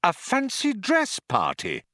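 A man's voice: medium pitch, wildly swooping pitch, slow, no echo, studio quality, voice pushed up, exaggerated voice. A man reading an audiobook, voicing an indignant, cold Earthman who speaks sharply. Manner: sharp, cold, trembling with anger. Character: indignant stiff earthman, young-ish man.

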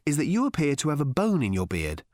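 A man's voice: a little high, huge pitch swings, quick pace, darkish tone, no room sound, pitched above the performer's own voice. A man voicing an offhand, unflappable male alien traveller in an audiobook, with a dry, curt, matter-of-fact delivery. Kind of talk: audiobook character voice.

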